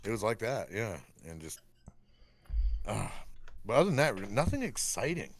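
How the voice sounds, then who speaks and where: A man's voice: fairly low pitch, sing-song, moderate pace. A man co-hosting a casual podcast, rambling easily with lots of fillers. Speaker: podcast co-host. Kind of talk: casual chat.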